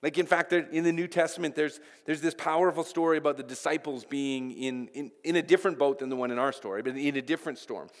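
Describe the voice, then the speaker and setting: A man's voice: on the high side, fast, hardly any pauses, in a large hall. A pastor preaching a sermon, earnest, often repeating the first word of a phrase as he goes.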